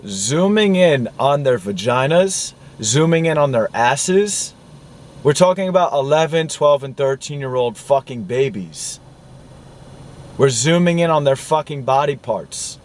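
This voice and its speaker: A man ranting angrily about a film he watched, swearing often, sounding disgusted and repeating himself. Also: medium pitch. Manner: profane, indignant, repeats himself. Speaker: vlogger reviewing a film. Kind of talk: angry film rant.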